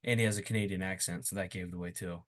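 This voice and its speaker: A man's voice: sits low, steady tone, fairly bright tone. Young man, podcast co-host, easygoing and agreeable, casual chat. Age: young adult. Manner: laid-back, quick to laugh, agreeable.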